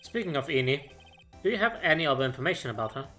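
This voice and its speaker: Brief: playful game streamer, jokey asides, very animated pitch, faint background music. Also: fast. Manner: goofy, laughing, swearing asides. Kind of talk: casual game stream commentary and reading.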